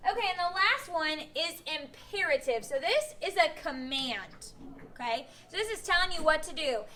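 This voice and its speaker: A woman's voice: sits high, lively intonation, moderate pace, bright, forceful tone, slight background noise. A woman teaching young pupils in a classroom, patiently asking questions and acting out example sentences. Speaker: elementary school teacher. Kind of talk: classroom instruction.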